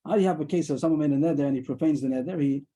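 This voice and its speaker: A man teaching a daily Talmud class over a video call, explaining quickly and mixing in Aramaic terms. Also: fairly high pitch, mellow, rough recording.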